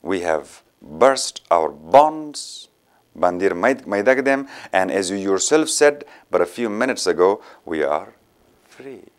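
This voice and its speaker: A kindly older official with a very deep, low voice, as a man with an Afghan accent reads him. He speaks calmly and reassures, unhurried and gentle. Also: full character voice. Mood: reassuring. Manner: calm and reassuring. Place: studio.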